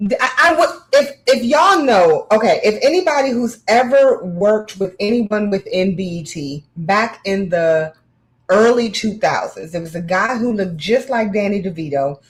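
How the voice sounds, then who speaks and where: A woman in casual chat, telling a candid personal story with animated, frank delivery. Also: mid-range voice, normal speed, low-quality recording.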